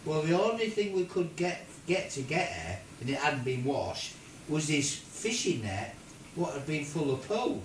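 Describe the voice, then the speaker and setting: An older man, a grandfather, telling a silly made-up story in an animated way, with squeaky put-on voices for the people in it. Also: measured pace, slight background noise. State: ill. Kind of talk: playful bedtime-style storytelling. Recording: roomy home video from a distance.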